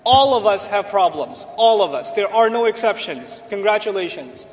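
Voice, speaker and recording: A man's voice: high voice, big pitch swings, normal speed, long reverb tail, slight background noise. A man giving a humorous Islamic lecture from a stage to a live audience, asking rhetorical questions and joking. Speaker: Islamic speaker. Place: large hall, on stage.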